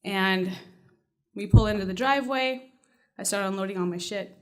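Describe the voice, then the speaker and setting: A woman's voice: mid-range voice, moderate pace. A woman telling a personal story on stage at a live storytelling night, casual and salty, often laughing as she goes.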